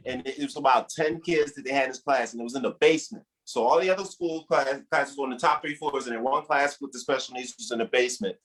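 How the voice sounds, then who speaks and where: A man's voice: mid-range voice, fast, few pauses, low-quality recording. A man emcees a comedy show. He talks loosely and with energy, hyping up the crowd and introducing each act. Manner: loose, animated, hypes up the crowd.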